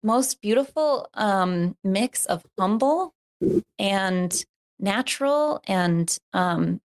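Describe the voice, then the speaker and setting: A woman's voice: medium pitch, expressive, drawn-out words. A woman telling a story in a casual interview, earnest and reflective, with many fillers. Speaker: podcast co-host, guest.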